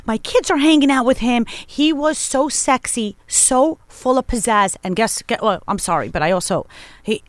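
A woman's voice: a little high, moderate pace, no echo. A woman co-hosting a talk show, gossiping about celebrities in an emphatic, gushing way. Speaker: co-host. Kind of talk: casual celebrity gossip chat.

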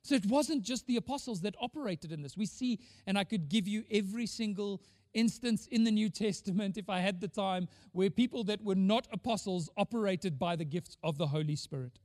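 Emphatic high-voiced pastor preaching. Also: male voice, a little fast, a little mellow, dry recording, clean studio sound, big-room sound. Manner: emphatic, rhetorical questions, repeats words. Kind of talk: sermon.

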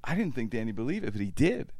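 A man hosts a relaxed chat and tells a long story, laughing as he plays the people in it. His pitch rises and falls a great deal. The recording is dry and close, with no room sound. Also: fast talker, dry recording. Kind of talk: casual podcast chat and storytelling.

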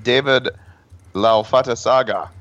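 A man's voice: mid-range voice, a little slow, a bit bright, no echo, dull audio. A man co-hosting a podcast, chatting casually with a wry, joking manner and acting out mock quotes. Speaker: podcast co-host. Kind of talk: casual chat.

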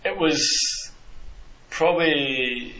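A man's voice: on the high side, extremely slow, pushed and bright. A man co-hosting a casual football podcast, rambling with many restarts and fillers. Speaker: podcast co-host. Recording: roomy, slightly dull, faint hiss.

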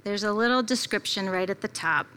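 A woman delivers a sermon in a bright, clear-edged voice. She speaks reflectively and personally, like a preacher sharing a story, with easy fillers that keep it conversational. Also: medium pitch, fairly quick. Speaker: preacher at a church gathering.

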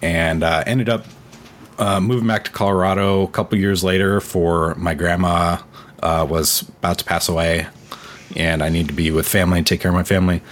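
A man's voice: low-pitched, fairly even intonation, brisk, slight background noise. A man in his thirties telling a personal faith story in casual talk, earnest and full of fillers. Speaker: podcast co-host.

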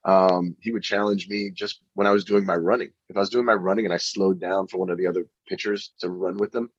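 A middle-aged man, a pitching coach, chatting in an interview and telling anecdotes with frequent restarts. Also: fairly even intonation, fast talker, slightly rough, no room sound. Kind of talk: interview storytelling. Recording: dull lo-fi recording.

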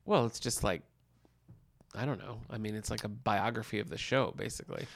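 A man's voice: fairly low pitch, fairly quick, creaky. A man co-hosting a podcast, chatting casually with a dry, teasing manner. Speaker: podcast co-host. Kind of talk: casual chat.

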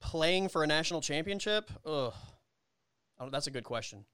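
A man's voice: on the high side, lively intonation, normal speed, bright, forceful tone, clean tone, dry recording. A man co-hosting a podcast, chatting casually about college football and building long arguments with many restarts. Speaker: podcast co-host. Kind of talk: casual sports chat.

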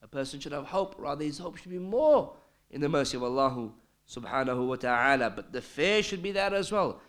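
Male lecturer, slightly high voice, emphatic sermon delivery. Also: sing-song, fairly quick, a bit bright. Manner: emphatic, rising and falling delivery, quotes Arabic texts. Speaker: Islamic lecturer. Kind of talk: religious lecture.

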